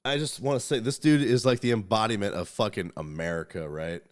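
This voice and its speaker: A man's voice: fairly low pitch, fairly quick. A man hosting a podcast in casual chat, rambling, swearing freely and reading articles aloud. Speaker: podcast host.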